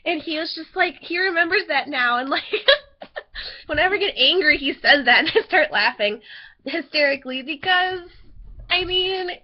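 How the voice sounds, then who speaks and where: A young woman with a high, bright-pitched voice chats to her camera in a loose, rambling way, full of ums and little giggles. The sound is a bit dull and lo-fi, like a basic home webcam recording. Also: animated, moderate pace. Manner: chatty, giggly, rambling with fillers. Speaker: vlogger. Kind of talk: casual chat to camera.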